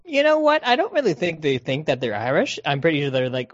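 A man's voice: fairly high pitch, big pitch swings, a little fast, dry recording. A man in his twenties chatting casually about a movie, rambling and joking with frequent laughter. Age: 20s. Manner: rambling, jokey, laughs often. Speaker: podcast co-host. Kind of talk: casual movie review chat. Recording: dull lo-fi sound.

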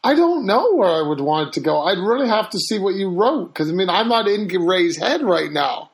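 A man interviewing a filmmaker, speaking slowly and hesitantly as he thinks things through. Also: high-pitched, very animated, creaky. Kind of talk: casual interview.

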